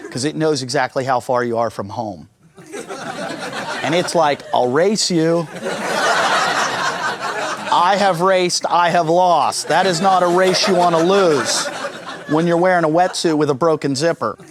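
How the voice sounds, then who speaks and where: A man's voice: on the high side, moderate pace, heavy background noise. A male American stand-up comedian telling crude, profane jokes and acting out the people in his stories. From United States. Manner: crude, swearing, acts out characters in dialogue.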